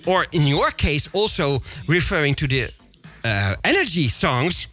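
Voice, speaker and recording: A man hosting a casual radio interview, animated and laughing often, with halting restarts. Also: on the high side, faint music behind. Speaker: radio show host.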